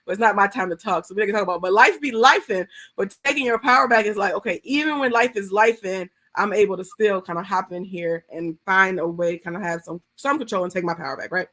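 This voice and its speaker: A woman's voice: mid-range voice, quick pace, few pauses, a bit bright. A woman hosting a live video conversation, casual and rambling, full of "like" and "kinda". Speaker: host. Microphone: video call.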